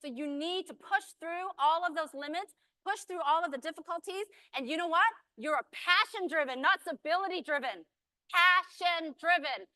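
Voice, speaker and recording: A woman giving an energetic, emphatic motivational speech on stage, hurrying through her points and rallying the audience. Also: extremely high pitch, normal speed, no echo. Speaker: motivational speaker at a business event.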